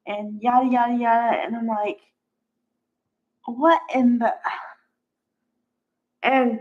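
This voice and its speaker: Woman, high voice, unhurried; casual soap recap, exasperated commentary, dull recording. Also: fairly even intonation, a little mellow. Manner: chatty, exasperated, acts out quotes. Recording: dull lo-fi audio.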